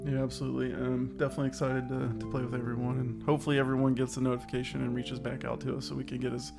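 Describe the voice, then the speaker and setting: Here a man with a creaky mid-range voice co-hosts a laid-back online chat show, firing off words rapidly in a completely flat delivery. Though a bit winded, he stays upbeat, rambling and self-aware, over background music.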